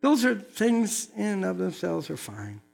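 A man's voice: sits high, wildly swooping pitch, unhurried, gravelly, darkish tone, soft background music. A man, a pastor from North Carolina preaching a sermon in a church, telling folksy stories and acting out the dialogue.

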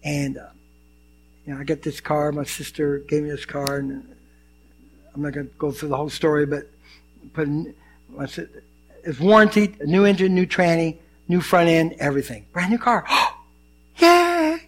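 A man's voice: fairly high pitch, normal speed, long pauses. An older man, a pastor, preaching a sermon and telling personal stories, acting out the people in them. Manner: animated storyteller, acts out dialogue.

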